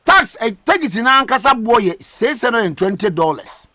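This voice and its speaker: A man with a Ghanaian accent hosting radio talk, speaking haltingly with many fillers. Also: very high-pitched, big pitch swings, pushed and bright, no echo, studio quality. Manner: hesitant, many fillers, short interjections. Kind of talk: radio talk mixing Twi and English.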